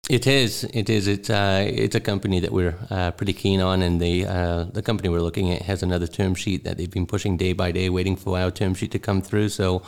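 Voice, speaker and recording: A man's voice: sits low, flat delivery, brisk, gravelly, few pauses. A middle-aged man from England, a guest investor answering interview questions in a rambling way with many fillers. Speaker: guest venture capital partner.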